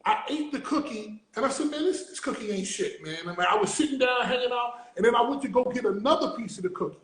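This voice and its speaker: A man hosting an interview, telling a story in an excitable, stammering way. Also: extremely high pitch, quick pace. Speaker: interview host. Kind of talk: casual chat. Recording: roomy echo.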